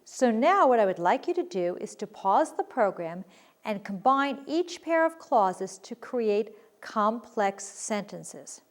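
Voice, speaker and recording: Woman, grammar teacher, animated higher voice, patient and explanatory. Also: takes it slowly. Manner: patient, explanatory, reads examples aloud. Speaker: writing teacher. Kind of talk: recorded grammar lesson.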